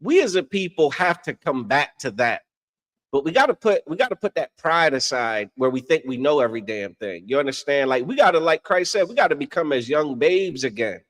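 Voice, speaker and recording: A man preaches in a loose, conversational way. He keeps checking in with his listener and swears offhand, and his voice swings widely in pitch as he builds his points. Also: fairly quick. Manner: animated, repeats "you understand?", swears casually. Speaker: religious podcast co-host. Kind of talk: casual preaching talk.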